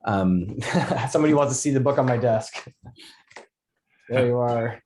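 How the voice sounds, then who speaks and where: A man's voice: mid-range voice, a little slow, darkish tone. A man moderating an online question-and-answer session over a video call, talking in a friendly way with fillers. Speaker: presentation host.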